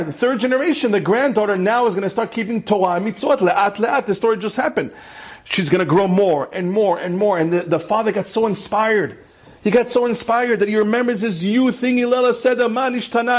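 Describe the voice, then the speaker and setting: High-voiced rabbi telling a passionate story. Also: male voice, a little fast, breathy edge. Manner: impassioned, climbs higher and louder at emotional peaks; sprinkles Hebrew and Yiddish terms. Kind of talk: animated storytelling lecture.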